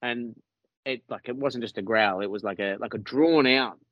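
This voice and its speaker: An Australian man, a podcast guest, telling a story in a casual, animated way, swearing freely and laughing along. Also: fairly low pitch, fairly quick, no echo. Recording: muffled lo-fi, dry.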